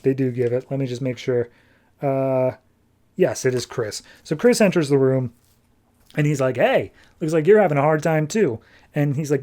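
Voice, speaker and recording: A man casually recapping a comic book issue on a podcast, retelling the plot loosely and tossing in quick offhand voices for the characters. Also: mid-range voice, mellow. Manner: loose and chatty, with fillers and restarts.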